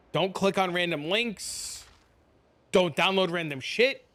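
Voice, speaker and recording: A man's voice: high voice, bright, forceful tone. A man streaming a game and chatting casually with viewers, blunt, profane and rambling. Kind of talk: casual live-stream chat.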